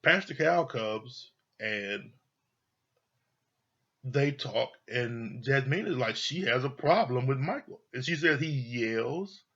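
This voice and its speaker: A man's voice: medium pitch, animated, takes it slowly, a bit bright, husky. A man giving casual, opinionated commentary on a reality show, blunt and profane, often repeating himself. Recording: dull lo-fi audio.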